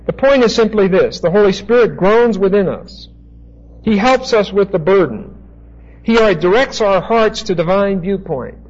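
A man teaching a Bible passage as a preacher, slow and deliberate, pausing to spell out Greek words. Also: high voice, animated, dull audio.

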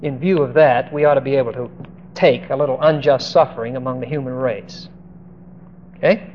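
A man's voice: medium pitch, steady tone, moderate pace. A man preaching an expository sermon on a Bible passage, emphatic, drawing out key words and putting direct questions to his listeners. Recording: dull lo-fi recording with faint hiss.

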